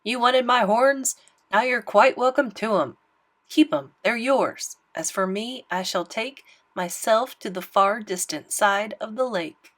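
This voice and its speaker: A woman voicing a kind-hearted male moose in a storybook reading, soft and pleading in tone. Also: mid-range voice, unhurried, few pauses. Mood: defiant.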